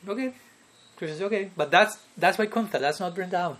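Man, spiritual teacher, slightly high voice, devotional lecture, frequent chuckles, checks in with listeners. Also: fast talker, fairly bright tone. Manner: checks in with listeners by asking "no?" and "okay?"; chuckles often between points.

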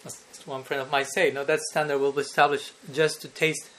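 A man with a somewhat high, slightly bright voice teaches a devotional lecture a little fast, his pitch barely moving. As a spiritual teacher, he chuckles frequently between points and keeps asking "no?" and "okay?"

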